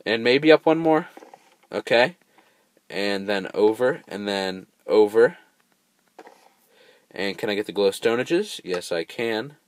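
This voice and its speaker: Taking it slowly and pausing often, a young gameplay commentator with a lowish voice and lively intonation narrates a casual let's play. He's chatty with viewers and lets out frustrated outbursts when the game turns against him.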